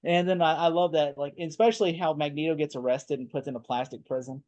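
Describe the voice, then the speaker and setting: A man co-hosting a casual movie talk, excitedly retelling scenes in a rambling way. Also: fairly high pitch, fast talker. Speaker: podcast co-host.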